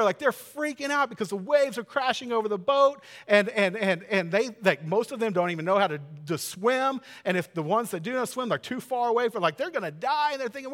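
A man's voice: high voice, lively intonation, brisk, long reverb tail. A male pastor preaching a sermon in an earnest, conversational way, sometimes dropping to a near-whisper for emphasis.

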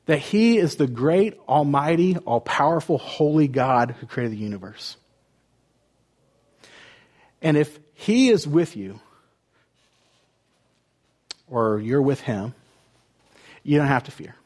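A man preaching a sermon as a pastor, retelling the story with lively rhetorical questions. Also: medium pitch, slow, pauses often.

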